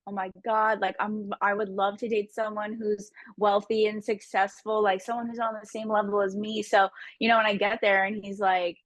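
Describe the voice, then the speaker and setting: A woman's voice: mid-range voice, little pitch movement, moderate pace, hardly any pauses, no echo. A young woman from New Jersey, a guest chatting candidly in an interview, laughing often and filling her speech with "like". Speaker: guest, dating show contestant. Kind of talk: casual interview chat.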